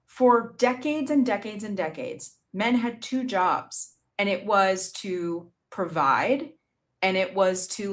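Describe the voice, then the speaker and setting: A middle-aged woman with a mid-range voice speaks with rising indignation on a political talk show. She stumbles over restarts as she pushes her argument, then lands it hard. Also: medium pitch. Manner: impassioned and indignant, with stammered restarts and sarcastic quoting. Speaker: podcast co-host. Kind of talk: political commentary chat.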